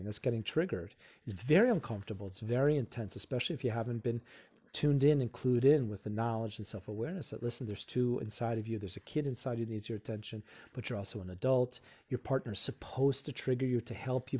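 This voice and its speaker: Male coach, mid-pitched voice, loose conversational advice full of fillers. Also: a little mellow, husky. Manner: conversational, many "you know" fillers; acts out inner voices in quotes. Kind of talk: casual self-help talk.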